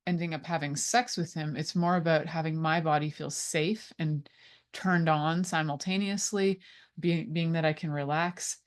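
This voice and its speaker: A woman's voice: sits low, clear, resonant tone. A woman hosting a radio talk show as an intimacy coach, chatting in a playful, loose way with lots of fillers.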